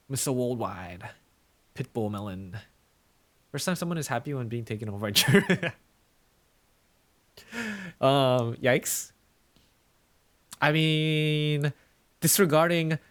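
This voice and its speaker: A male streamer chatting casually with his viewers, playful and teasing in mock-villain banter. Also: mid-range voice.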